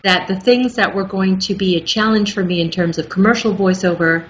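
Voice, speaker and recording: Speaking a little fast at medium pitch, this middle-aged audiobook narrator is a guest in a relaxed interview, recounting things articulately and with liveliness. The audio is muffled and carries a faint background hum.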